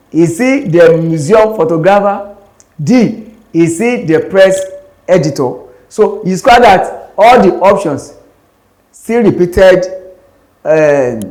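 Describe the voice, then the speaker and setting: A man's voice: sits high, darkish tone. A man with a Nigerian English accent teaching an exam-prep lesson, explaining step by step and repeating the key points. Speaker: exam tutor. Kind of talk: classroom lesson.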